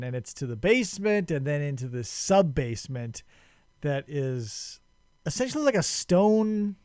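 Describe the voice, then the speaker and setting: A male podcast host talking in a rambling, sarcastic way and swearing freely. His voice is fairly high and very animated, with big swings in pitch. The sound is dry and close to the mic. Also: dry recording. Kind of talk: casual chat, retelling a story.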